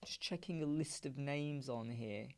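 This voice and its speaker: A man hosts a casual live stream, talking to viewers while muttering asides as he works. His voice has a gravelly edge at a middling pitch. The sound is dry and close, with no room echo. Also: unhurried. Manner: chatty, muttering asides while working on screen. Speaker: live stream host, web designer. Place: dark home studio with soundproof panels.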